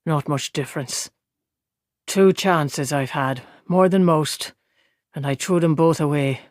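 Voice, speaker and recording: A man voicing a weary, drunk old gleeman in an audiobook, low and murmuring. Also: slow pace, no room sound, studio quality. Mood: maudlin. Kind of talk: audiobook character voice.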